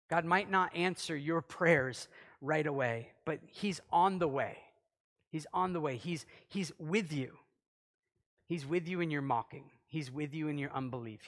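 A man preaching in a loose, conversational way with a slightly high voice, shifting from loud to hushed as he acts out little exchanges. His words trail off into a long hall reverb. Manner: conversational, acts out quotes, swings loud and soft. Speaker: pastor. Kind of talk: sermon.

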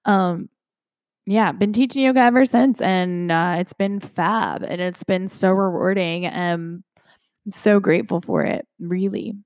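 A woman's voice: medium pitch, measured pace, a little mellow, no echo, clean studio sound. A young woman hosting a casual self-help podcast as a yoga teacher, talking candidly with frequent swearing, fillers and restarts.

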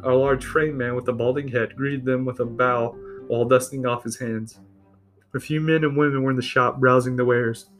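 A man reads a fantasy tale aloud in a steady, even voice. His pitch sits in an ordinary middle range, and a faint guitar plays underneath. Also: rough recording. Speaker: narrator. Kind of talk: storybook reading. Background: faint guitar music.

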